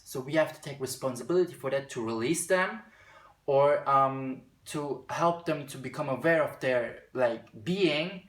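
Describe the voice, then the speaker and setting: A man's voice: a little high, a bit bright, roomy sound. A man giving a spiritual card reading, talking casually and at times slipping into a British accent. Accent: slips into a British accent at times. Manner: chatty, slips into reading card text aloud. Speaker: tarot reader.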